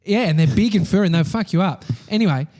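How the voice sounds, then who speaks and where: A man's voice: high voice, quick pace. An Australian man in his thirties, a podcast host telling stories in casual chat, swearing freely. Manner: swears a lot, animated storytelling.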